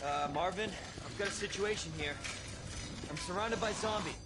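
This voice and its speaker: A man's voice: sits high, normal speed, lightly acted. An actor playing a young male cop calling urgently over a radio in a video game, heard as game audio. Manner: urgent, tense radio call. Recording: game audio under gameplay noise.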